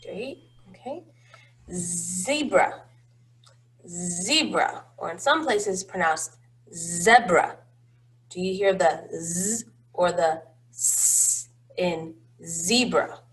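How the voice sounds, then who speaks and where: A woman's voice: on the low side, expressive, slow pace, slightly rough. A woman teaching a phonics lesson to young children, patient and encouraging, drawing out each word.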